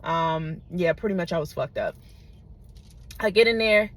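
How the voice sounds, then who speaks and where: A woman's voice: on the low side, a little slow. A woman vlogger telling a personal story in a casual, digressive, profane way, often checking in with her listeners.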